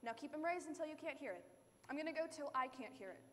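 Woman, high voice, chatty presenter, talking to kids, echoey hall, faint background noise. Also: lively intonation, quick pace, fairly bright tone. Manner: chatty, addressing kids in the audience. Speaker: science show presenter. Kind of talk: live science demonstration talk.

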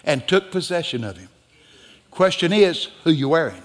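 A man delivers a sermon from the pulpit with dramatic, emphatic delivery that swells to loud peaks. His voice sits a little high for a man. The long reverb of the church hall trails after each phrase. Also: expressive, fairly quick. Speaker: guest pastor. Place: church sanctuary.

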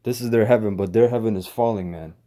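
A man's voice: lowish voice, fast talker, dark tone. A man casually teaching scripture verse by verse, slangy and loose, dropping "man" into nearly every sentence. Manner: slangy, repeats "man" often, frequent restarts. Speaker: bible teacher.

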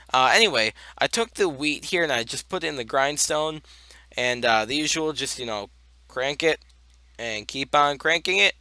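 A young man who hosts a gaming channel rambles casually over his gameplay, talking through each step with plenty of fillers while he has the hiccups. His mid-range voice sounds pushed and bright, with no echo.

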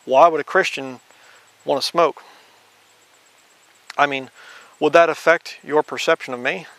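A male preacher slowly reading scripture aloud, then adding blunt conversational asides. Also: a little high, fairly even intonation, fairly bright tone, no echo. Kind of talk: informal Bible teaching.

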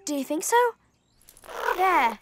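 A woman voicing a cheerful, bold young boy rabbit in an animated series dub, eager and excitable. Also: high voice, takes it slowly, background noise. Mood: worried. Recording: dub with loud music underneath.

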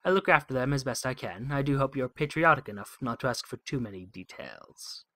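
A man voicing a sly, smooth-talking diplomat who speaks in a genteel, knowing and arch manner. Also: medium pitch, lively intonation, brisk, bright, forceful tone, no echo.

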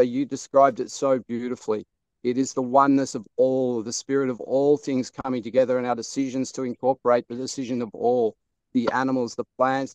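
An Australian man giving a soft, flowing blessing outdoors on a video call. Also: medium pitch, no room sound. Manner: soft, flowing, repeats "beautiful". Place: outdoors under a tree.

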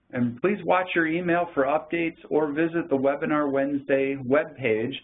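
A man moderating a webinar, announcing upcoming sessions and reading out questions in a halting way with many fillers. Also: medium pitch. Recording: tinny phone-like line.

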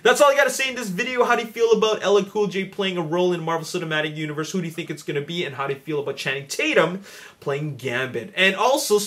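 A man's voice: sits high, fast, a bit bright. A man hosting his own movie news vlog, talking casually with many fillers, restarts and repeated words. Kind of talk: casual video commentary.

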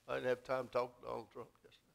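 A man's voice: medium pitch, completely flat delivery, rapid-fire, gravelly. A man preaching a sermon in church, telling folksy stories and building to emphatic exhortation. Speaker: pastor. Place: church sanctuary.

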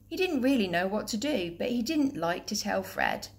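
A woman teacher reading a children's picture book aloud in a clear, steady, gentle voice. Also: mid-range voice, moderate pace.

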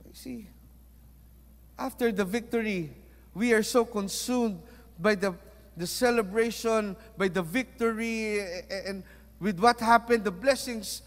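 A Filipino-accented man preaching, his voice sitting high for a man. He drops to near-whispers, then rises to forceful emphasis, slipping Tagalog phrases into his English. Long reverb trails each line, as in a church hall. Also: measured pace. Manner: swings between hushed and emphatic delivery. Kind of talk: sermon.

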